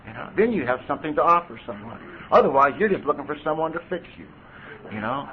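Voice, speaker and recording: A fairly high-pitched, animated voice comes fast from a middle-aged California man at a convention hall podium, giving AA recovery testimony. He sounds candid and conversational, leaning heavily on "you know." A little hiss or hum runs through the tinny lo-fi tape.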